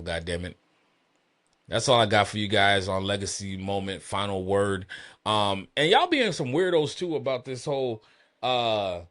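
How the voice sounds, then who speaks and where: A man hosting a podcast, ranting heatedly and profanely about sports with loud emphatic outbursts. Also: mid-range voice. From Boston area. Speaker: podcast host. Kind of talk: solo sports rant.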